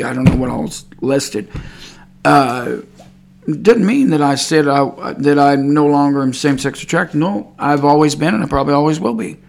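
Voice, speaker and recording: A man's voice: a little high, gravelly. A man preaching an informal sermon, rambling and repeating himself, and sometimes growing fervent. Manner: rambling, repeats words, grows fervent and cries out praise.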